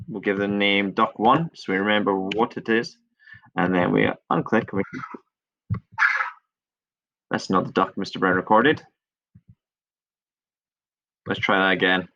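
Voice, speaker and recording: A male teacher walking through a coding tutorial step by step, chatty and relaxed, shrugging off his own small mistakes. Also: fairly low pitch, vocal fry. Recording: dull lo-fi screen recording.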